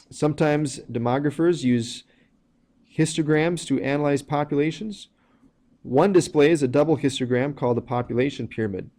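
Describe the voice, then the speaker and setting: A man with a mid-range, slightly mellow voice explains a recorded math lesson in plain terms, going step by step and using some fillers.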